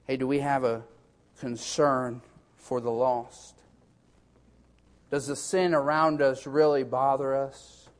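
A man's voice: mid-range voice, level tone, takes it slowly, long pauses. A man preaching a sermon with fervor. He punctuates nearly every line with "hey" and builds into urgent exhortations. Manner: fervent, punctuates lines with repeated "hey".

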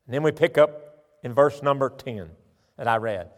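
A man with a Southern accent from Tennessee and Alabama, preaching a folksy, animated sermon with chatty asides. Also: mid-range voice, normal speed, pauses often. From southern Tennessee and northern Alabama. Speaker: pastor. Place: large church sanctuary. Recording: church hall reverb.

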